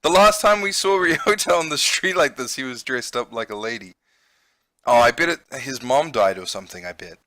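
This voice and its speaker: A man's voice: mid-range voice, animated, normal speed, pushed and bright, no echo. A man, an English conversation teacher, playing a dating game on a close mic, amused and laughing often while explaining words. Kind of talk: game let's-play commentary.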